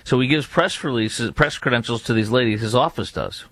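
A political commentator with a medium-pitched, slightly bright voice speaks fairly quickly, indignant and mocking. He fires off repeated rhetorical questions, full of fillers and restarts. There's no echo.

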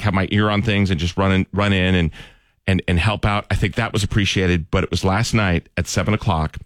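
Low-voiced man telling a heartfelt story. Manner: earnest, self-mocking storyteller. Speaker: radio show host. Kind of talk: casual morning radio chat.

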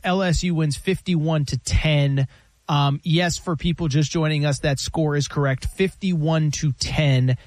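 A man hosting a sports talk show, running through scores and stats in a brisk, emphatic way. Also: fairly high pitch, dry recording.

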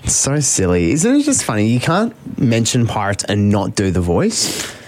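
A man's voice: on the low side, big pitch swings, normal speed, background noise. A man co-hosting a breakfast radio show in chatty banter. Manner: chatty, laughing asides. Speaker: radio co-host.

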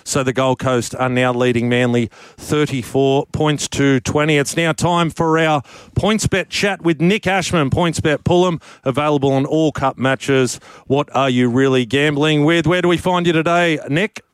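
Aussie radio sports host guy, smooth clear voice, dry studio sound. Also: a little high, fairly even intonation, moderate pace, dry recording. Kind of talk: live sports radio hosting.

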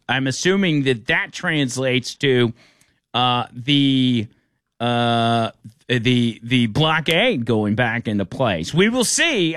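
Rambling talk show host, dry sound. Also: male voice, mid-range voice, fairly bright tone, dry recording. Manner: rambling, frequent restarts. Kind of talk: casual radio talk show.

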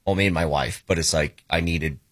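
A man co-hosting a casual talk radio show, sharing quick, chatty anecdotes. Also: a bass voice, fairly bright tone. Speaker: radio co-host.

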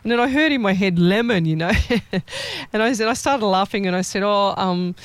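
A man working as a psychic medium who chats casually and tells animated stories, acting out the voices of the people he quotes. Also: high-pitched, brisk, clean tone, no room sound. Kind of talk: casual live-stream chat and storytelling.

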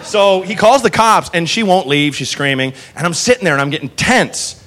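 A man's voice: high voice, moderate pace, noisy background. A young man telling a profane stand-up story on a comedy club stage, acting out the people in it. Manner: animated, profane, acts out characters in voices. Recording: live crowd in the room. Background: audience laughter.

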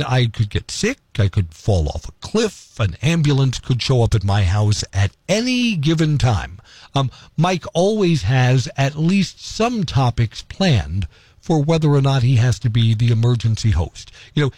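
A man hosting a morning radio show, hoarse from losing his voice, chatting. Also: medium pitch, darkish tone, dry recording, clean studio sound. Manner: chatty, rambling with fillers. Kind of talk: casual radio talk. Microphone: studio microphone.

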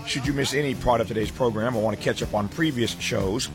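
A middle-aged man hosting a live talk program, speaking in a measured, conversational way with frequent fillers. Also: medium pitch, music in the background. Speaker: radio talk show host.

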